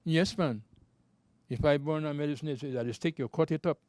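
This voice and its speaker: A man's voice: fairly high pitch, fairly quick, darkish tone, no echo. 90s Belizean Creole man telling stories. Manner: loose, repetitive storytelling in Creole speech. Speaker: interview guest. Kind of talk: rambling life-story telling.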